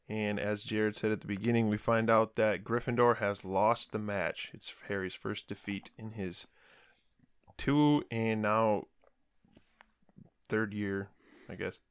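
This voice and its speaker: A man hosting a podcast, recapping a book in a relaxed, casual chat and laughing often. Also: on the low side, clean tone, no echo, studio quality. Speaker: podcast host.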